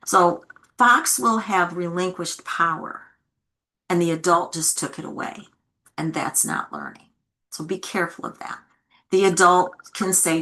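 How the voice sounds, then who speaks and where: A woman's voice: on the low side, moderate pace, pushed and bright. A middle-aged woman giving a talk to early childhood educators, earnestly acting out what adults and children say. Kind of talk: teaching talk with acted examples.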